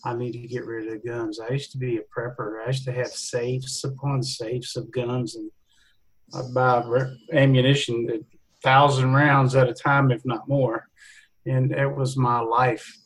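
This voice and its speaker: A man in a Bible study group sharing a personal testimony in a halting, conversational way. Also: mid-range voice, level tone, rough recording.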